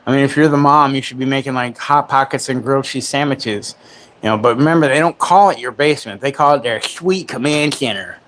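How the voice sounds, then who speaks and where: A man's voice: medium pitch, a little fast, a bit bright, a little hiss or hum. A man in his forties hosting a casual livestream chat from home, joking and sarcastic, laughing often. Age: 40s. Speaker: livestream host. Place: home, in Florida.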